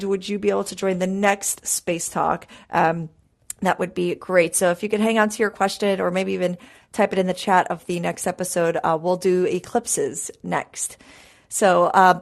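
A young woman hosting a live space podcast, talking casually and upbeat with plenty of fillers. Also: mid-range voice. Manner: chatty, upbeat, many fillers. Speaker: podcast host.

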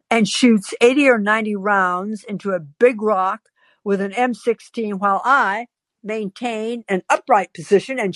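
A woman's voice: medium pitch, no echo. A woman podcast host telling a story and chatting in a wry, self-interrupting way. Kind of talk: storytelling and call-in chat.

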